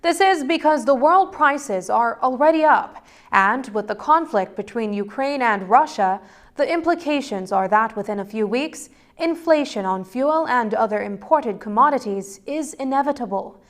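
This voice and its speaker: A woman reporter giving scripted news narration in a measured, crisp delivery. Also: a little high, animated.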